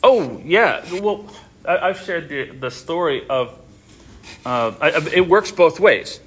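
A man in his thirties leading a casual group Bible discussion, rambling and animated, with frequent restarts. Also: fairly high pitch, slow, slight background noise. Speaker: Bible study leader.

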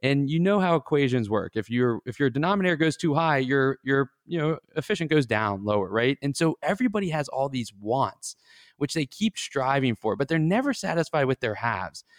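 A man talks through his ideas in a loose, rambling way, often tacking on a "right?". His voice sits at a middle pitch. The sound is dry and close, with no room around it. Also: big pitch swings, a little fast, dry recording. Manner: rambling, explanatory, tags lines with "right?". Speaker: financial wellness advisor, podcast co-host. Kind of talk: casual podcast chat.

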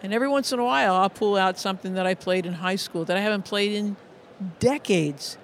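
A man's voice: sits high, brisk, slight background noise. A middle-aged man, a music educator, telling stories in an interview, earnest and full of restarts and repeated words. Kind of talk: conversational interview storytelling.

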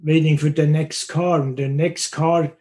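An older man, an interview guest, recounting an old road trip in a casual, rambling way with halting restarts. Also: a little high, little pitch movement, warm tone. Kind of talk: casual storytelling.

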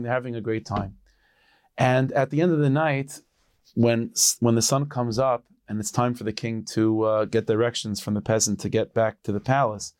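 Male rabbi storyteller, mid pitch, dry close sound, chatty and loose. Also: dry recording. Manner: lively, conversational, with frequent restarts and repeated words.

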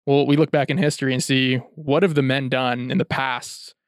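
Young man, mid-pitch, earnest and reflective, dry close mic; casual talk-show co-host. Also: steady tone, normal speed, smooth, no room sound. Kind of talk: casual chat.

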